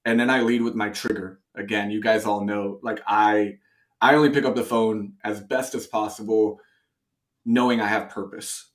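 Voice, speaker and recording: A man with a fairly low voice talks through his approach in a relaxed, conversational way. He coaches as he goes, leaning on fillers and restarts. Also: moderate pace. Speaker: sales trainer guest. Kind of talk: casual chat.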